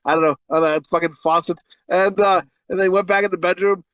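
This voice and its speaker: Bright-voiced man in crude, rambling podcast chat. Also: sits high, fairly even intonation, fast talker, smooth, dry recording. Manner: crude, rambling, laughs a lot. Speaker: podcast co-host.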